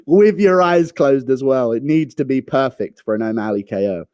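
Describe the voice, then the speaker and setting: A man's voice: mid-range voice, lively intonation, normal speed, a little mellow, dry recording, studio quality. A young man streaming, ranting in a casual, profane, rambling way.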